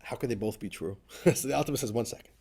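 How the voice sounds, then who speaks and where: A man, a rabbi, giving an animated class on a religious text, often repeating himself and swelling into loud emphatic bursts. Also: medium pitch, fast talker, vocal fry, husky. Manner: rises to loud emphatic bursts when quoting, laughs often; repeats words and restarts phrases while thinking. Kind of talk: animated Torah class lecture.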